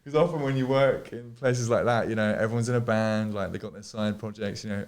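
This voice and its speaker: Man, podcast guest, low-set voice, loose rambling delivery full of fillers. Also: fairly even intonation, a little fast, hardly any pauses. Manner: rambling, many fillers and restarts, swears freely. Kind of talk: casual podcast chat. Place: studio.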